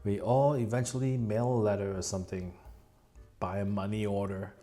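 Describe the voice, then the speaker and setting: A man's voice: on the low side, level tone, moderate pace, mellow, soft background music. A man talking casually in a rambling vlog, telling stories and acting out what other people said. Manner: chatty storyteller acting out quoted people in raised voices. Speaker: vlogger. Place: at home near a computer.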